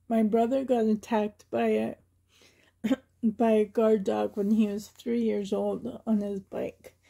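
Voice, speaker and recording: Woman vlogger from Canada, rambling and emotional, mellow gravelly voice, unhurried. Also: on the high side, level tone. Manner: rambling, laughs often, emotional. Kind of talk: casual chatty tag video.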